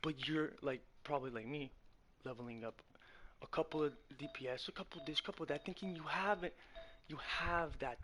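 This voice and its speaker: A man's voice: fairly high pitch, a little fast, pushed and bright, a little hiss or hum. A man hosting a gaming channel, ranting in a heated, profane way, calling the viewer bro and often correcting himself mid-sentence. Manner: rambling with frequent self-corrections.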